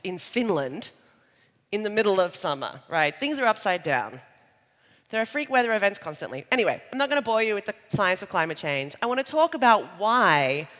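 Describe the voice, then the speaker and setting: An Australian woman speaks from a conference stage in a chatty keynote style, dropping jokey asides to the audience. Her pitch is very animated and rises and falls freely. A long hall reverb trails behind each phrase. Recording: live talk in a large reverberant hall.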